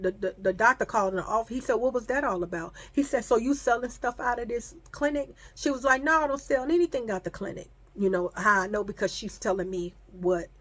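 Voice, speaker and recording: A pregnant woman telling a storytime vlog in a casual, profane way, acting out the people she quotes, and she says she feels sick and foggy. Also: medium pitch. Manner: animated, profane, acts out the people in her story.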